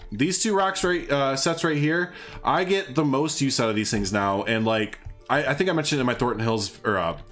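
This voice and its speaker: A man's voice: mid-range voice, normal speed, a bit bright, faint music behind. A man with a Southern US accent giving live gameplay commentary as a streamer, rambling, chuckling and poking fun at himself. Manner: rambling, chuckling, self-deprecating. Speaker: game streamer.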